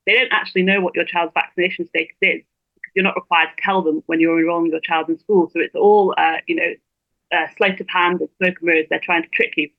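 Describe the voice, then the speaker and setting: Fast-talking woman on a tinny phone line. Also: lowish voice, steady tone, dry recording. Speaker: guest blogger. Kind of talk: interview over a phone line.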